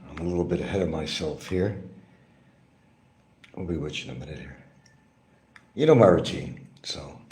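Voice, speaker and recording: Deep-voiced rambling man on a live stream. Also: normal speed, pauses often, darkish tone, slightly rough. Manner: meandering, chatty, talks to viewers. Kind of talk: rambling casual live chat. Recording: noisy ambient background.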